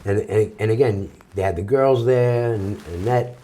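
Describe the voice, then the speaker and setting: A man's voice: on the low side, moderate pace, mellow. Blunt man in his fifties. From Brooklyn. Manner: blunt, short agreeing remarks. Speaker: guest, uncle. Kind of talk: casual reminiscing.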